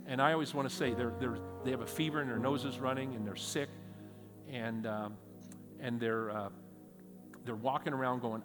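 A middle-aged man pastor preaching a sermon, telling stories with animated emphatic peaks. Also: medium pitch, fast talker, big-room sound, over music. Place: church hall.

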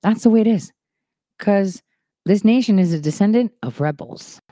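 Woman commentator, animated casual monologue, mid-pitched, close and dry. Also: dry recording. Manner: animated, quick shifts from soft asides to emphatic rises. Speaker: online commentator.

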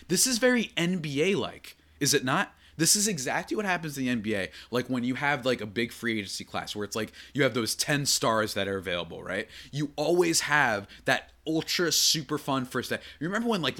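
A man hosting a solo sports podcast, talking in a rambling, excitable way with many fillers and restarts. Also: mid-range voice. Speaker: podcast host.

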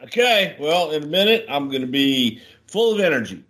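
A playful man co-hosting a podcast, chatting casually and spinning jokes with animated delivery. His voice sits a little high for a man and swings widely in pitch. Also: moderate pace, noisy background. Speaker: podcast co-host. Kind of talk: casual podcast chat, joke telling.

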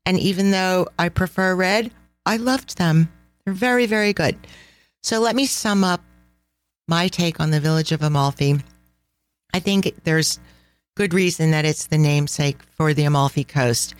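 Middle-aged woman, podcast host, bright enthusiasm, slightly low pitch, dry close mic. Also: normal speed, no room sound, faint music behind. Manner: enthusiastic, laughs often, sprinkles in Italian phrases. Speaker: podcast host and travel planner. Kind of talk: casual travel podcast chat.

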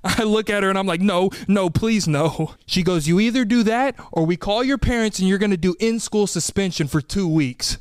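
A man's voice: high-pitched, clean tone, no echo, clean studio sound. A young man hosting a podcast, telling a story animatedly and acting out other people's lines. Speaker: podcast host.

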